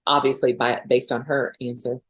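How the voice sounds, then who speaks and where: A woman's voice: rumbling low, flat delivery, normal speed, breathy edge. A middle-aged woman guest on a podcast interview, speaking earnestly and emotionally. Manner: emotional, earnest, tearful at times. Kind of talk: interview conversation.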